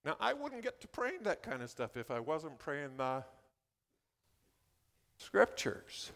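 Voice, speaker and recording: A man's voice: a little high, huge pitch swings, slow pace, vocal fry, pauses often. Fervent male pastor in a reverberant hall. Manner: builds to near-shouting fervent prayer. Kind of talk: sermon. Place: church hall.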